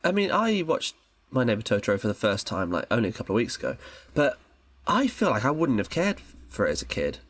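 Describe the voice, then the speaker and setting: A man's voice: mid-range voice, wildly swooping pitch, fairly quick, fairly bright tone, dry recording. A man co-hosting a film podcast, chatting casually and rambling with lots of fillers. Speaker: podcast co-host.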